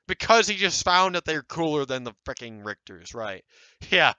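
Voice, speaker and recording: A young man talks through a screen recording in a rambling, sarcastic way, his voice bright and crisp. It sounds close and dry, as if he is speaking straight into a desk mic. He gets animated whenever he mocks someone. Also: a little high, normal speed, no room sound, poor audio. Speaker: video creator reviewing online game groups. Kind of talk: casual screen-recorded commentary.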